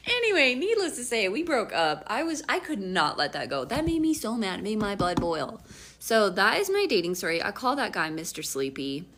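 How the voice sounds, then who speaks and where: Lively animated woman in her late 30s. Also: mid-range voice, moderate pace, a little hiss or hum. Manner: animated, acts out dialogue. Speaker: storyteller. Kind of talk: casual storytime.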